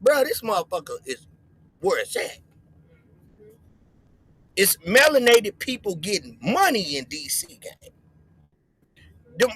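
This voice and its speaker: A man's voice: very high-pitched, pushed and bright, dry recording, low-quality recording. A man from the US West Coast hosting a livestream, talking in slang and rambling with frequent repeats. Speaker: livestream host. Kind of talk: loose reaction-stream commentary.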